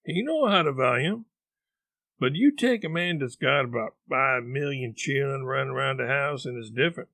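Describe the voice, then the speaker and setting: A man's voice: mid-range voice, lively intonation, moderate pace, vocal fry, pushed and bright, no room sound, exaggerated voice. A man voicing a stubborn, folksy grown man who argues insistently in rustic dialect. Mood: scornful.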